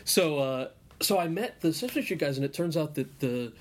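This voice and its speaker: A man's voice: fairly high pitch, expressive, normal speed. A man guesting on a casual podcast interview, telling stories in a rambling way with lots of restarts. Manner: rambling storyteller with many restarts.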